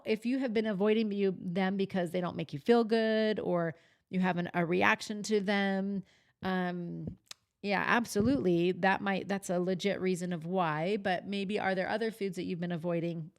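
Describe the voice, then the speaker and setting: A woman's voice: mid-range voice, steady tone, moderate pace. A woman in her thirties, a fitness resort coach, giving a casual, candid talk on journal prompts, often restarting and reassuring the listener. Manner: thinking aloud with frequent restarts and fillers.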